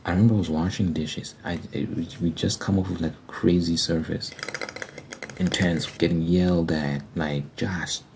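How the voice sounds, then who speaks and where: A young man hosting an ASMR video, telling a rambling, candid story in a casual way and sometimes dropping to a soft near-whisper. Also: deep voice, steady tone, a little hiss or hum. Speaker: ASMR channel host. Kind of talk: casual storytelling over fast tapping ASMR. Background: fast tapping and typing sounds.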